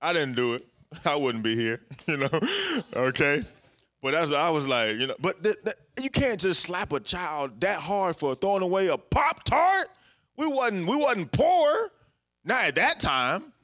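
A man's voice: a little high, big pitch swings, measured pace, fairly bright tone. A young adult man preaching a casual, conversational sermon full of everyday stories and repeated phrases.

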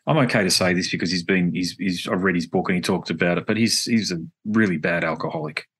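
A podcast host talking in a relaxed Australian accent. His voice sits very low, and he rattles along at a quick clip, circling back to fix what he just said. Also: slightly rough. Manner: rambling, candid, self-correcting. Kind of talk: casual conversation.

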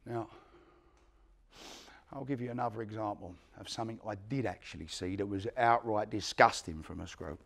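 A man's voice: lowish voice, moderate pace, creaky, fairly bright tone. A man acting out an aging East London career criminal in a one-man stage monologue, telling his story bluntly and with plenty of swearing. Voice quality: blunt, profane street talk. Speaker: one-man play performer. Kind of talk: theatrical monologue.

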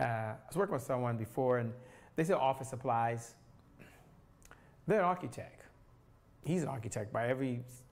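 A middle-aged man hosting a sales talk show, coaching the viewer directly in an energetic, preachy way with many rhetorical questions. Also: medium pitch. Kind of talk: solo motivational sales talk to camera.

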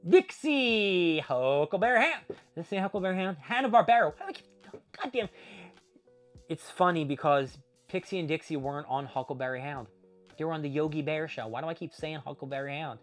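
A man's voice: a little high, fast, soft background music. A man hosting a casual collectible video, rambling, correcting himself and poking fun at his own slips. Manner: rambling, self-mocking, trailing off. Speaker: host. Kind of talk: casual unboxing chat.

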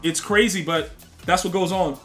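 A man's voice: high-pitched, moderate pace, a bit bright, soft background music. A young man live-streaming a game, chatting casually with his viewers and trash-talking opponents in loose slang. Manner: slangy, rambling, talks to chat and opponents.

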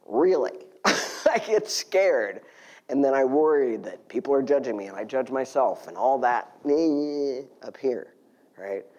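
Male guest speaker, casual sermon delivery, shifts between loud and hushed. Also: medium pitch. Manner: conversational, laughing, dropping to a hushed near-whisper.

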